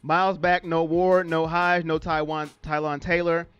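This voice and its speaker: A man's voice: on the high side, flat delivery, normal speed, fairly bright tone, clean tone, faint music behind. A man hosting a fan live stream, talking straight to viewers and reading chat messages aloud.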